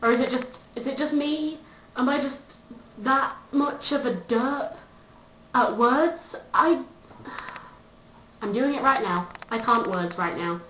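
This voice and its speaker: High-voiced woman ranting. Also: slow pace, slight background noise. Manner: chatty, self-mocking, rambling. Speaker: vlogger. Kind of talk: casual comedic rant to camera. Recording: dull lo-fi echoey room sound.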